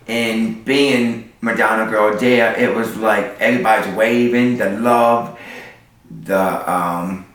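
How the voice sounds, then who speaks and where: A man's voice: on the low side, fairly bright tone. A man who works as a street performer, telling stories in an interview in a sassy way and using sound effects. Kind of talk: storytelling interview. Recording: echoey, mic far off.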